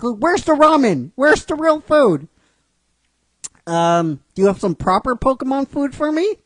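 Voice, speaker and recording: A man's voice: extremely high pitch, sing-song, unhurried, no room sound, pitched above the performer's own voice, heavily acted. A man voicing a sassy, hungry male electric mouse creature, raised well above his own voice, in a storytime reading of a fan script. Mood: demanding. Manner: sassy, complaining.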